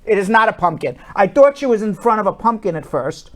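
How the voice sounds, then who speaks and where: A man's voice: sits high, big pitch swings, a little fast, fairly bright tone. A man in his fifties hosting a live studio stream, chatting and teasing his co-hosts in a playful way. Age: 50s. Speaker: host. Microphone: wired studio mic.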